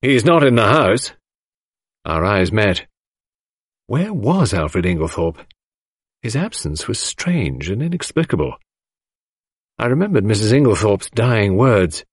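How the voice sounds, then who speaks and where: A man narrates a storybook in a measured, expressive reading. His voice is low, and his pitch rises and falls a lot. The recording is dry and close to the mic. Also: slightly rough, no room sound. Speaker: audiobook narrator. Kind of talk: scripted narration.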